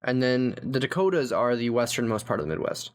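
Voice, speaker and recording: A man's voice: mid-range voice, expressive, fairly quick. A man from Pennsylvania co-hosting a podcast in casual chat, confidently rattling off lists. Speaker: podcast co-host.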